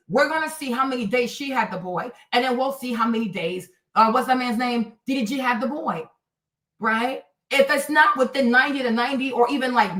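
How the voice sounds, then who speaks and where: A woman's voice: high voice, fairly bright tone, roomy sound, recorded from a distance, low-quality recording. A woman livestreaming commentary, reading and answering her chat in a blunt, scolding way, repeating her points.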